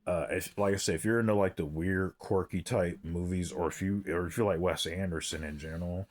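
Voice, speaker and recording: A man's voice: low voice, fairly even intonation, a little fast. A man giving a casual, rambling film review, hesitant and full of fillers and restarts. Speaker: movie reviewer.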